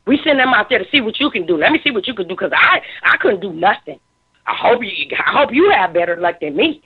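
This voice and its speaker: A woman's voice: medium pitch, sing-song, a little fast, breathy edge. A woman in her fifties giving emphatic, emotional social commentary, repeating words as she presses her points. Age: 50s. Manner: emphatic, preachy, repeats words when stirred. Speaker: talk show commentator. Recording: tinny phone-like line.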